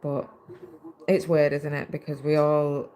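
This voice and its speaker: A woman's voice: low voice, completely flat delivery, measured pace, warm tone. A British woman hosting a casual livestream, chatting away and reading viewer comments aloud while she stitches, into a laptop mic. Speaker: livestream host.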